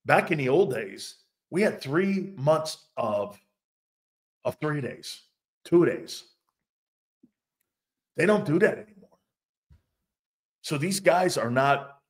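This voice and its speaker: A man hosting a sports talk show, reacting to fan comments in a loose, profane way and laughing often. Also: mid-range voice. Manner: animated, laughing, profane, loud outbursts.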